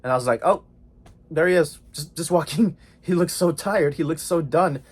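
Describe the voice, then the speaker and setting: A man's voice: a little high, moderate pace, husky. Chatty young male vlogger. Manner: excited, chatty, slangy with many fillers. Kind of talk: casual storytelling vlog.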